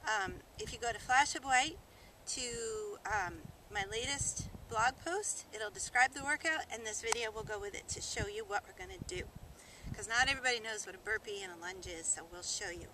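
Outdoors in the countryside, a woman fitness instructor leads a workout demonstration, coaching in an upbeat, encouraging way. Her mid-range voice is bright and forceful at a moderate pace, picked up by a cameraman's camera mic with a slight hiss or hum.

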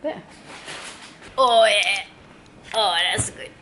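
A woman's voice: mid-range voice, very slow, pushed and bright, a little hiss or hum. A woman vlogging in a playful, casual way, stretching out her exclamations. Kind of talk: casual vlog chat.

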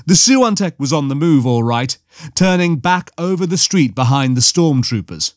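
A man's voice: fairly high pitch, lively intonation, normal speed, dry recording. Man narrating an audiobook, dry close sound.

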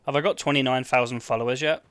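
A young man with an English accent, streaming a game and chatting casually with crude jokes and lots of swearing. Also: medium pitch. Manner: crude, joking, swears a lot. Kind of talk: casual gameplay commentary.

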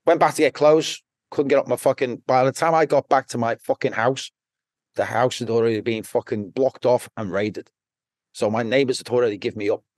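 A man's voice: medium pitch, fairly even intonation, fairly quick, dry recording, clean studio sound. A man with a Liverpool accent, a podcast guest telling his story bluntly, rambling and swearing constantly. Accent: Liverpool (Scouse). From Liverpool, England. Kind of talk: casual storytelling.

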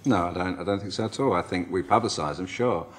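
Low-voiced English press photographer guest. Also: male voice, fast. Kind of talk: TV chat show interview.

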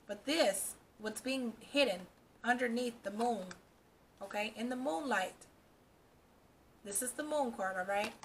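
A woman's voice: a little high, a bit bright. Woman doing a tarot reading to camera, reassuring, keeps saying okay, faint hiss behind her. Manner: reassuring, repeats "okay" and "all right" to the viewer. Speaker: tarot reader.

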